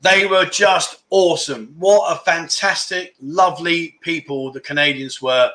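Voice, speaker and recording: A man's voice: fairly high pitch, fairly even intonation, a little slow, sharp tone. A man in his fifties hosting a casual livestream, chatting and reading out viewer comments between rambling anecdotes. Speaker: livestream host.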